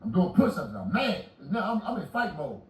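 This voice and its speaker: A man in his late forties retelling prison stories loudly and profanely, shouting at times in an animated way. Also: high voice, normal speed. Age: 40s. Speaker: guest telling prison stories. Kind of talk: storytelling interview. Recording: roomy echo, distant mic, audible noise.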